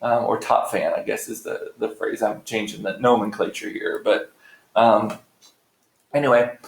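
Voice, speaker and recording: A man's voice: lowish voice, fairly even intonation, moderate pace, vocal fry. Rambling, chatty middle-aged man host. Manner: rambling, chatty and playfully profane. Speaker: livestream host. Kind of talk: casual live chat to viewers. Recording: roomy echo.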